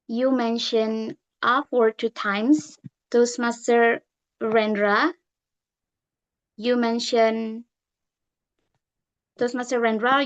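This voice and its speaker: Slow-talking woman reading out filler counts. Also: a little high, dull audio. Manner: slow, methodical, listing counts. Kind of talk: online meeting report. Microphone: computer mic on a video call.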